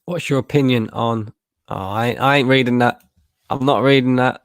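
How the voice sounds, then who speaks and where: A young man from Lincolnshire, England, hosts a live football watchalong stream, reading chat aloud, swearing freely and laughing often. His voice is medium-pitched with fairly even intonation, a moderate pace and a clean tone, captured in a dry, clean studio recording.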